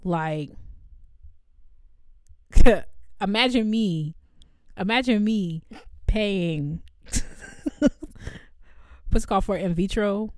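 Animated woman chatting with a dry close sound. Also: medium pitch, very slow, pauses often, dry recording. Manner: animated storytelling, laughs often, acts out voices. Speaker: podcast co-host. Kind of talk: casual chat.

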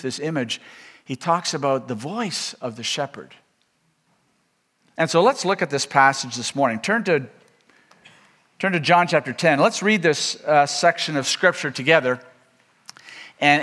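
A man's voice: fairly high pitch, bright, forceful tone. A man giving a chapel sermon as a visiting seminary speaker, earnest and emphatic, with frequent filler words and restarts.

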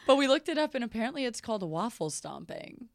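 A woman's voice: on the high side, sing-song, fast talker, creaky, dry recording, clean studio sound. A woman guest on a podcast, telling a story in casual chat, laughing often mid-sentence and leaning on "like.".

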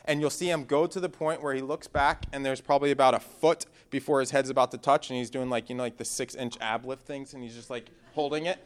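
This young pastor has a mid-range voice and talks fast, with hardly any pauses. His preaching is animated and conversational, full of personal anecdotes, and alternates between loud and hushed passages.

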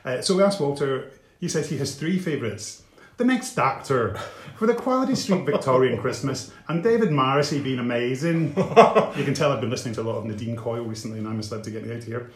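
A man doing a playful, put-on Northern Irish voice while reading a list of favourites. His pitch sits mid-range, and the room has an echo. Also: fast, natural voice.

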